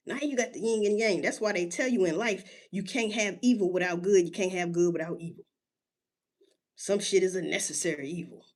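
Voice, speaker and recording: A woman with a darkish tone rants casually to her audience as a solo commentator. She swears freely in street slang, fires rhetorical questions, drags out emphasis, and shifts pitch abruptly.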